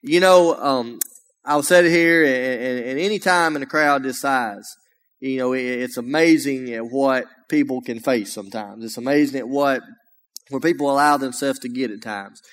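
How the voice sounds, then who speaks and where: A man's voice: mid-range voice, moderate pace, fairly bright tone. A man from Alabama with a Southern accent, preaching a folksy, humorous sermon as a guest speaker, often raising his voice. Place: church sanctuary. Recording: long church reverb.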